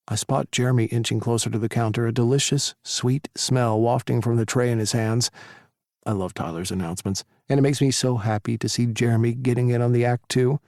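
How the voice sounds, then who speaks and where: A man narrating a first-person romance audiobook in a steady storytelling manner. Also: medium pitch, no echo, clean studio sound.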